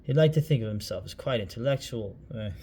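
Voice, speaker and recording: A man talks casually through a book he likes, in a loose and rambling vlog. His voice sits at an ordinary middle pitch, full of "uh" and "right?" as he jumps from one point to the next. His talk is easygoing and now and then profane. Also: lively intonation, brisk, dark tone, breathy edge. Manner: rambling, lots of fillers and asides; casual, swears, says "dude" and "right?". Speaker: book reviewer.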